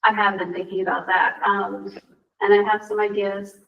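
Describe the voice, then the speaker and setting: A woman's voice: medium pitch, flat delivery, normal speed, creaky. An earnest woman librarian answers a committee's questions, searching for her words as she goes. She sits back from the microphone in a roomy meeting space. The recording sounds dull and echoey. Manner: earnest, thinking aloud, with restarts and filler. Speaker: school librarian. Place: school meeting room. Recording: roomy, dull, from a distant mic.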